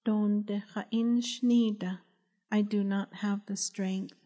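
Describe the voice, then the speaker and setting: A woman reading the lines of a grief-stricken young mother, hoarse from crying and speaking in a loud whisper. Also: mid-range voice, fairly even intonation, slow pace. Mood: grieving.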